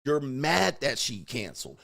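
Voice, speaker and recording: A man's voice: mid-range voice, sing-song, measured pace, vocal fry, a bit bright. A man lecturing on dating in a blunt, emphatic way, swearing and acting out quoted exchanges. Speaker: dating advice host. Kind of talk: lecturing monologue.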